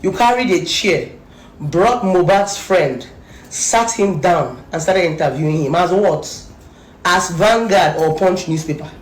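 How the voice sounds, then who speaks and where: Faint music and room echo surround a Nigerian-accented woman whose voice is on the low side and a little slow. A social media commentator, she delivers an accusing, fierce rant to camera, pounding her points with repetition.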